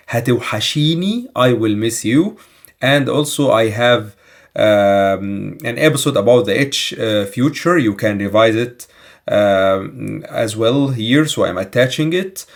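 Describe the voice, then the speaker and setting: Guy teaching phrases from a movie, native egyptian arabic speaker, says each line slow and repeats it. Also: mid-range voice. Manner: slow careful repetition. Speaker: language teacher. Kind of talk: explaining film phrases.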